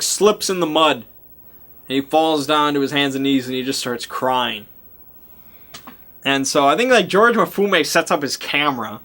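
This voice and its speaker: Bright-voiced man rambling through a game recap. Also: a little high. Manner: rambling and self-interrupting, often loses track of names. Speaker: game master recapping a session. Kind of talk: casual storytelling recap.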